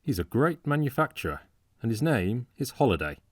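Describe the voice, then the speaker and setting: A man reading a storybook part as a frank, cheerful young gentleman who speaks warmly and eagerly and laughs easily. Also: medium pitch, big pitch swings, fairly quick, husky, dry recording, studio quality, pitched above the performer's own voice. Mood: cordial. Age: young adult.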